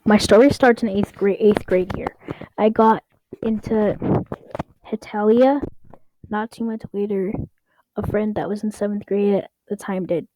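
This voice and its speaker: A woman's voice: medium pitch, fairly even intonation, measured pace, pauses often, mellow, a little hiss or hum, rough recording. Young woman casually reading stories aloud. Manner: stumbles and restarts while reading, wry asides. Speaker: story reader.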